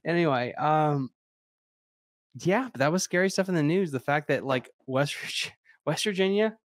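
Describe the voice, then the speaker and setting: A man co-hosting a podcast in casual chat, excitable and laughing often. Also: on the high side, moderate pace, no room sound, clean studio sound. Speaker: podcast co-host.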